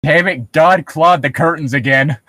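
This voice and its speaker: A man's voice: a little high, moderate pace, sharp tone. A man co-hosting a casual podcast, joking, laughing often and reading excerpts aloud. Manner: jokey, laughs a lot, reads excerpts aloud. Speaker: podcast co-host.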